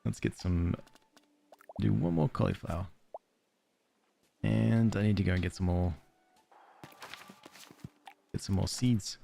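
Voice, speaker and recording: Aussie bloke streaming, deep gravelly voice, rambly and self-deprecating, little chuckles. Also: male voice, slow, long pauses, warm tone, a little hiss or hum. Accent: Australian. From Australia. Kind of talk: casual let's-play chat, reading chat aloud.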